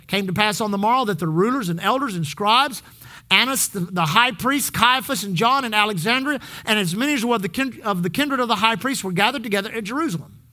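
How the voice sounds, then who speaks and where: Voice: medium pitch, expressive, quick pace, pushed and bright. A pastor preaching a sermon in church, calling on the congregation to repeat phrases back. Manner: exhorting, call-and-response with the congregation.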